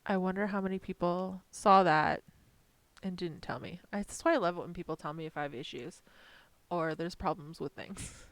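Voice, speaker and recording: A woman chats casually on a live stream while designing stickers, making self-deprecating remarks and talking to her software as she works. She has a lowish voice, speaks at normal speed, and there's no echo.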